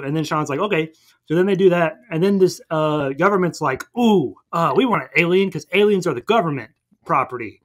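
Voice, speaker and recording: A man casually recapping a cartoon movie for laughs, acting out squeaky voices as he goes. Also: brisk. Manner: goofy, acts out cartoon voices in his retelling. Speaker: podcast co-host.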